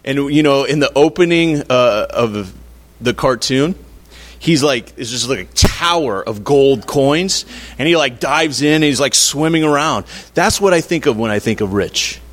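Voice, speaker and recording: A man's voice: mid-range voice, lively intonation, a little slow. A man preaching a sermon in a conversational, playful way, acting out little quotes to make his point. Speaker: pastor.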